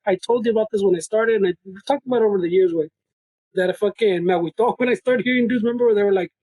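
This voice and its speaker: Husky high-voiced Chicano man. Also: very fast, dark tone, dry recording, low-quality recording. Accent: Chicano English. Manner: profane, laughing storytelling; mixes Spanish and English. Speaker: podcast co-host. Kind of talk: casual conversation. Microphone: video call.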